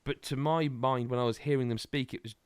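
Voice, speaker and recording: A man co-hosting a podcast in casual chat, rambling and animated with many restarts. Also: medium pitch, brisk, smooth, dry recording, clean studio sound. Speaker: podcast co-host.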